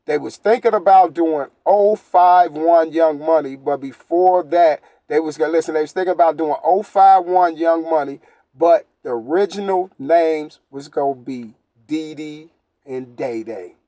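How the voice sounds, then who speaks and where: A man's voice: high-pitched, mellow, dry recording. A man, a YouTube commentator, ranting emphatically and repetitively to his audience and addressing them again and again.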